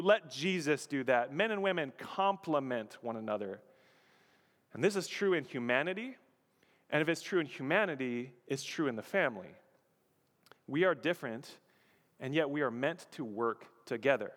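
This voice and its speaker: Guy pastor preaching, lively, acts out lines, asks the crowd stuff, echoey hall. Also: medium pitch, normal speed. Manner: animated, acts out quotes, asks the audience questions. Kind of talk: sermon.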